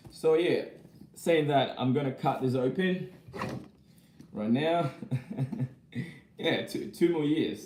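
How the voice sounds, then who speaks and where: Chatty young man, mellow voice. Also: medium pitch, reverberant, slight background noise. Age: young adult. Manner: chatty, rambling, reads and answers viewer comments; laughs often between remarks. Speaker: vlogger. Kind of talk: casual live-chat unboxing.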